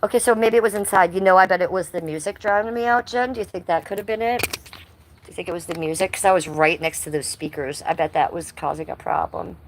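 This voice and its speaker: An American woman with a lowish voice chats casually as she walks her house on a livestream. She slips into cooing baby talk with her pets. A faint hum of room noise sits behind her, and the mic is carried around. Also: fast, rough recording. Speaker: livestream host. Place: house, indoors and on the porch.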